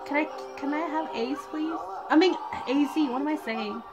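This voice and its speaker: A young woman reacting to fan videos at home, excitable and gushing, swearing and squealing at the screen. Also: high voice, normal speed, poor audio. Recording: fan video music playing loudly behind. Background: music playing from the video.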